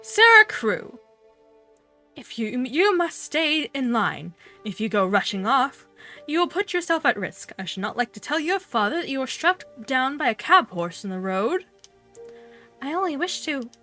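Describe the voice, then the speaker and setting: A woman's voice: high-pitched, big pitch swings, a little slow, bright, forceful tone, faint music behind, heavily acted. A woman voicing a strict Victorian schoolmistress who scolds her pupils in a prim, commanding way. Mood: scolding.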